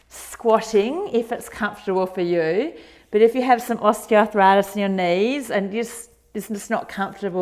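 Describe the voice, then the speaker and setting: A woman in her forties teaching a yoga routine, gentle and encouraging with chatty asides. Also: mid-range voice. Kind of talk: guided exercise instruction.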